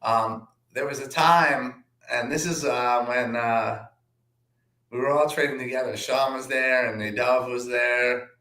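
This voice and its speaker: A man, a trader, telling stories from his career in a relaxed anecdotal way, with plenty of "um" and "like". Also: mid-range voice, a little slow. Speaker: trader and guest. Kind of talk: casual storytelling. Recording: roomy echo.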